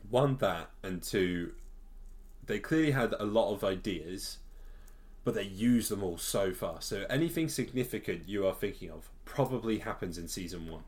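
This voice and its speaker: A low-voiced man co-hosts a relaxed podcast. He leads the conversation with questions. His manner stays easygoing and conversational. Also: normal speed. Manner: leading the talk with questions, easygoing. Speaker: podcast co-host. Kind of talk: casual chat.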